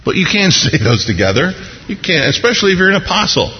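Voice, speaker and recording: A man's voice: high-pitched, big pitch swings, fast, long reverb tail, dull audio. A man preaching a sermon in a conversational, humorous way, acting out the people he quotes. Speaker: pastor.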